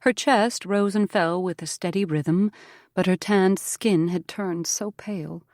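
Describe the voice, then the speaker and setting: A woman narrating an audiobook in a measured, earnest storytelling manner on a close mic. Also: on the low side, darkish tone, dry recording. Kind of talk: scripted narration.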